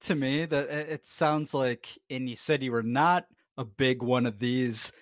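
A man's voice: medium pitch, steady tone, a little slow, no echo, clean studio sound. A man co-hosting a podcast, asking wry, teasing questions in casual sports chat. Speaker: podcast co-host.

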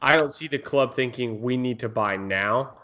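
A man's voice: medium pitch, moderate pace, sharp tone, dull audio. A man hosting a casual sports podcast, chatting and reading listener questions. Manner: conversational, reads listener questions. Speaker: podcast host.

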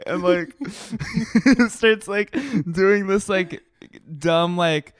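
Rambling, laughing man, smooth voice. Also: fairly high pitch, dry recording, studio quality. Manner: rambling, laughing, quick retellings with put-on quotes. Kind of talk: casual chat.

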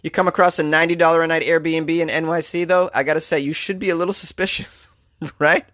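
Sarcastic Boston-accented man, higher voice. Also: steady tone, fast talker, fairly bright tone, no echo, clean studio sound. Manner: sarcastic, laughs between jokes. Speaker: host. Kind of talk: comedic news commentary.

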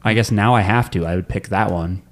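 A man's voice: lowish voice, fairly quick. A man co-hosting a podcast, joking and rambling with fillers as he recaps an episode. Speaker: podcast co-host. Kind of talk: casual chat recap.

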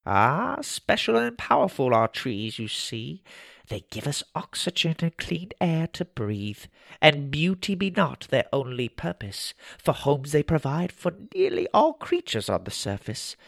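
A man voicing a small, mossy, riddling forest gnome who speaks in rhymes with twisted word order, in a nasal, gravelly voice. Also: a little high, wildly swooping pitch, a little slow, a bit bright, no room sound, clean studio sound, voice pushed up, heavily acted. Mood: lecturing. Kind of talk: storybook character voice.

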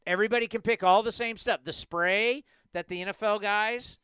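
A man hosting a sports talk show, ranting in an animated, emphatic way into a studio microphone. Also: sits high, moderate pace, clear, resonant tone, no room sound. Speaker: sports podcast host.

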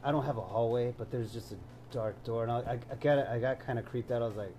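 A man's voice: medium pitch, quick pace, warm tone, a little hiss or hum. A man co-hosting a podcast, chatting casually about a movie in a laid-back way and saying "dude" a lot. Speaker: podcast co-host. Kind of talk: casual movie review chat.

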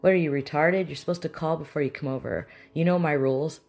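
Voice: mid-range voice, quick pace, creaky, a little mellow. A mindfulness teacher acting out a rude, aggressive jerk who snaps and insults people. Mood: angry. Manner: snapping and insulting.

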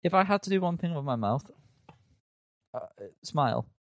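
A man's voice: a little high, expressive, normal speed, a bit bright, no echo. Blunt man hosting, dry sound. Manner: blunt, opinionated, leads the running order. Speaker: podcast co-host. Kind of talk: casual music review chat.

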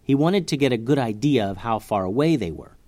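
A man reading a children's adventure story aloud with expressive narration. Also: mid-range voice, a little fast.

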